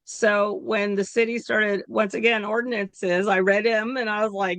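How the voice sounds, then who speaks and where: A woman's voice: mid-range voice, normal speed, no echo. Chatty Bay Area woman telling stories. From California Bay Area. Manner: animated storytelling with laughs and acted quotes. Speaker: guest, local activist. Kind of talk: casual interview chat.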